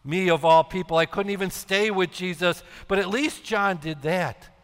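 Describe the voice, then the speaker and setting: A man playing Simon Peter, an anxious, guilt-ridden middle-aged apostle, in a dramatic monologue, talking in agitated, halting bursts of self-reproach. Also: high voice, a bit bright, clean tone. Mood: uneasy. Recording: echoey hall with long reverb.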